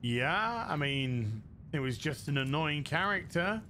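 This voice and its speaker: A man's voice: on the high side, lively intonation, slow, bright, forceful tone, a little hiss or hum. A man giving casual let's-play commentary as a gaming host, muttering to himself and swearing now and then.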